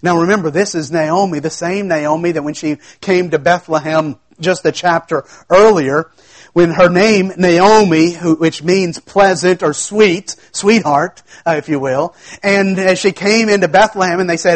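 A man's voice: high-pitched, moderate pace. A man preaching an expository sermon in a conversational way, acting out the quoted lines of the story. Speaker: pastor.

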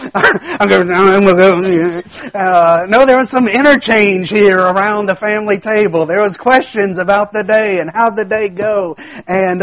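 Animated preaching man, slightly high voice. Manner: conversational and animated, acts out quoted lines. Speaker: pastor. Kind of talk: expository sermon.

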